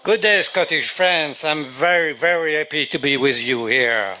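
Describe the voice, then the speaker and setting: An older man with a French accent, a native French speaker giving a halting speech at an outdoor rally. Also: a little high, crowd noise. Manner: halting, searching for English words.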